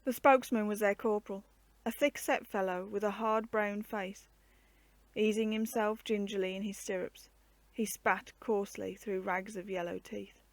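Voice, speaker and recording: A woman reading a storybook aloud in a steady, measured narration. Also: medium pitch, no room sound.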